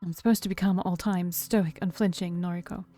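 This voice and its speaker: A woman streamer reading a game's first-person narration aloud, steady and calm, with brief asides of her own. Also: fairly low pitch, fairly quick. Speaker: game streamer. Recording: faint music behind.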